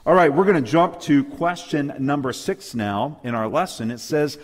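In a church hall before a live crowd, a man with a fairly high voice delivers an emphatic sermon at a moderate pace, asking the audience questions. The recording has a big-room sound.

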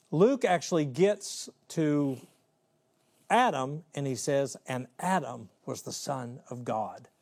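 A man delivers a sermon in a fairly high voice. He preaches with animation, slipping into little voices and quotes to make his points. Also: darkish tone.

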